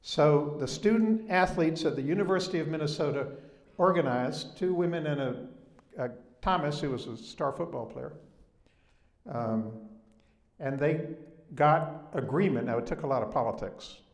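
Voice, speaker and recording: A man's voice: a little high, moderate pace. An older man from the Southern United States with a Southern American accent, giving a public talk in a storytelling manner and leaning hard on key points. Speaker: guest speaker. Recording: echoey room.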